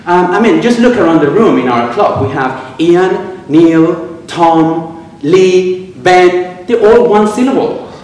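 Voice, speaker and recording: A man from Venezuela with a Venezuelan Spanish accent, giving a humorous speech at a club and pausing for laughs as he tells stories. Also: high-pitched, lively intonation, darkish tone. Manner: storytelling with quoted exchanges, pausing for audience laughs. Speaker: club speaker. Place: club meeting room. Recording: echoey room, miked from a distance.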